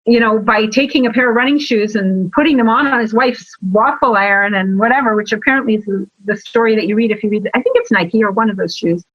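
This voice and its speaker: A woman guest talking about sales and marketing in a lively interview, telling stories with emphatic, animated asides. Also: a little high, fast talker, hardly any pauses, dry recording. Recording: slightly dull, lo-fi sound.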